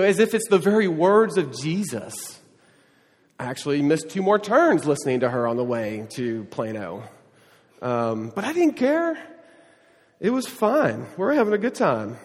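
Man, pastor, storytelling sermon, rambling with restarts, long hall reverb. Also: a little high. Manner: storytelling, rambling with restarts and self-deprecating asides.

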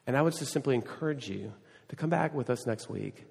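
A man's voice: medium pitch, animated, brisk, creaky, darkish tone, breathy edge. Man, pastor, storytelling sermon, rambling with restarts, long hall reverb. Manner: storytelling, rambling with restarts and self-deprecating asides.

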